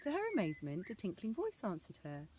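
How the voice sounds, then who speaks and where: A woman reading an old fairy tale aloud as a storyteller, in a measured storybook manner. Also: mid-range voice, huge pitch swings, dark tone, slight background noise.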